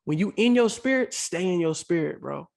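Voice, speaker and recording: Earnest man, fairly high voice. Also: lively intonation, moderate pace, creaky. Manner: earnest, emotional, repeats "bro" often. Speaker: podcast co-host. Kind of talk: heartfelt casual podcast talk.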